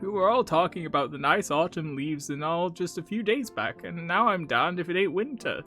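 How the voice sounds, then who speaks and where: A man's voice: sits high, normal speed, pushed and bright, faint music behind. A man voicing an easygoing male biker bird in a put-on Southern American accent, with a folksy, laid-back drawl.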